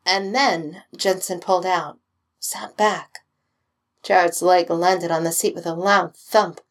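A woman reading a story aloud, her voice sitting a little low. Her delivery is steady and expressive, like a home-recorded fan reading. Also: takes it slowly. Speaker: reader.

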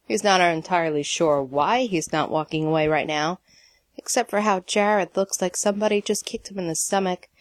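Low-voiced woman reading a story. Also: normal speed, no room sound. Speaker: narrator. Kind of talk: audiobook reading of fiction.

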